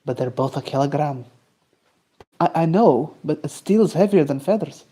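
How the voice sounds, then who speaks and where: A man voicing a gruff, stubborn Scottish man in a put-on Scottish accent, delivered with deadpan insistence. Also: a little high, normal speed. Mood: insistent.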